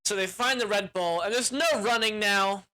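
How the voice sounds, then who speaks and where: A man's voice: high voice, moderate pace, sharp tone. A young man giving a casual, rambling movie recap in crude language, with lots of "like" fillers. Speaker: movie reviewer.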